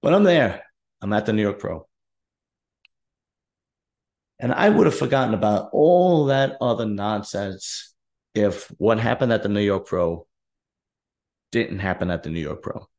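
A man's voice: on the low side, lively intonation, moderate pace, a little mellow. A man hosting his own podcast, telling a story in a direct, aggrieved way and acting out both sides of past conversations. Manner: direct, aggrieved, recounting dialogue. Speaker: podcast host. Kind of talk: casual storytelling monologue.

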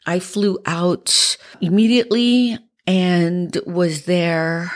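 A middle-aged woman with a Boston accent speaks in a low voice, talking loosely and candidly as a podcast host. She is tired from lack of sleep and rambles with plenty of fillers. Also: fairly even intonation, slow pace. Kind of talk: casual personal update.

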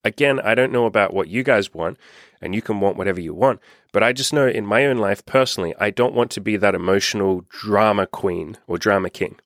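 Laid-back, swearing man with a low voice. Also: a little fast, no echo, studio quality. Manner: laid-back, swears often, talks to listeners directly. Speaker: podcast host. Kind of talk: casual self-help monologue.

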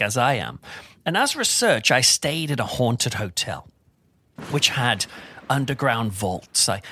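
A middle-aged man giving an informal Bible talk in a chatty, animated way with self-deprecating humour. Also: medium pitch, no room sound, studio quality. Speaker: preacher.

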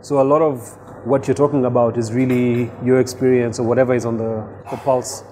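A man's voice: mid-range voice, flat delivery, a little fast, warm tone, slight background noise. A man, a radio presenter chatting easily as a guest in a coffee shop. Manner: easygoing, jokey, reflective. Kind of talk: casual interview chat.

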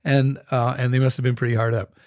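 Guy telling music stories on a podcast, lively, scats the beats, dry mic. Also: mid-range voice, fast, dry recording. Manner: lively storyteller, scats out the rhythms. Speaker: guest musician. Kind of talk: storytelling interview.

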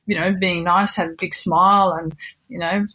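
A middle-aged Australian woman, a guest in a casual interview, animated, joking and self-mocking. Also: fairly low pitch, normal speed.

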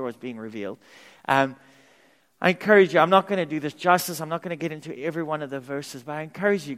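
A man pastor preaching a sermon in a church, emphatic and animated, repeating key words for effect. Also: a little high. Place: church sanctuary. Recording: long reverb of a church hall.

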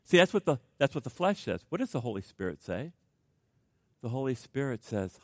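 A man preaching a sermon as pastor, animated, acting out inner voices for his congregation. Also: mid-range voice, a little fast, dry recording. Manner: animated, acts out voices of flesh and Spirit.

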